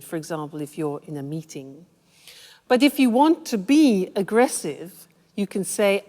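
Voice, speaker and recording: A woman teaching English phrases in a clear, measured, explanatory way. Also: on the low side, animated, dark tone, in a large hall. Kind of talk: scripted language lesson.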